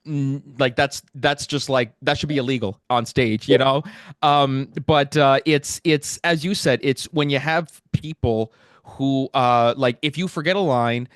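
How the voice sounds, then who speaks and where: A man's voice: mid-range voice, steady tone, a little slow, fairly bright tone, clean tone, no echo, clean studio sound. A man hosting a podcast interview, talking in a rambling way with many fillers. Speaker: podcast host. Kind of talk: casual interview chat.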